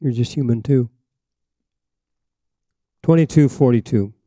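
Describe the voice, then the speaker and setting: A man's voice: medium pitch, unhurried, no echo. An older man preaching a sermon, emphatic and repetitive, with a frog in his throat and frequent coughs. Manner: emphatic, rising to forceful peaks then dropping to asides. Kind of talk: sermon teaching.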